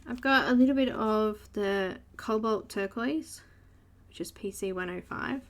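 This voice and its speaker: An Australian woman hosts a live coloring session, talking through every stroke in a relaxed, chatty way. Her voice carries a light gravelly fry at an ordinary pitch, and she greets viewers by name as she works. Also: unhurried. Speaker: host of a live coloring stream. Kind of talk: live art tutorial narration.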